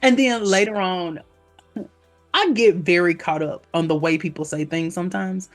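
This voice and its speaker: Woman podcaster chatting, super animated, jumps up and down in pitch doing little voices, faint music under it. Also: moderate pace. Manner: animated, acts out characters with big pitch jumps. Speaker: podcast host. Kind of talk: casual chat.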